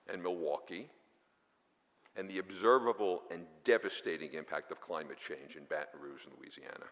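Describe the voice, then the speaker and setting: A man delivers a formal welcome speech in a very low voice, dropping in dry, wry asides. He often stumbles and restarts his words. His voice carries the long reverb of a large auditorium. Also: a bit bright. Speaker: foundation board chair giving greetings.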